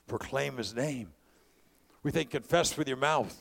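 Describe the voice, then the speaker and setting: A man's voice: medium pitch, a little slow, gravelly, fairly bright tone. A man from California preaching a sermon, mixing conversational storytelling with impassioned calls to his congregation. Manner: preaching with rising bursts of volume.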